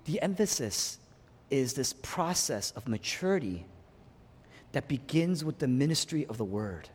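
Man, preacher, sermon, very animated pitch, hushed lows to loud peaks, reverberant hall. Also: unhurried, slightly rough. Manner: impassioned preaching, surging from hushed lows to soaring emphatic peaks. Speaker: pastor.

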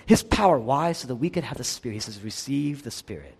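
A man preaching a sermon, swinging between hushed low passages and impassioned, louder cries. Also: expressive, fast, vocal fry, hardly any pauses, slightly rough, big-room sound. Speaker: pastor.

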